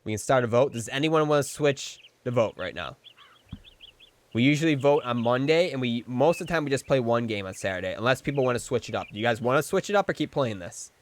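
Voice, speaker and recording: Live-streaming a game, a man with a medium-pitched voice chats playfully with his viewers at a quick pace and with lively intonation. He keeps slipping into silly voices during the casual gameplay chat.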